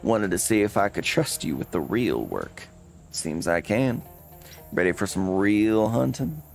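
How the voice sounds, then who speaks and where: A man's voice: fairly low pitch, sing-song, a little slow, vocal fry, faint music behind, heavily acted. A man doing an odd British leather hunter. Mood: drawling. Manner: drawling, folksy, calls people mate.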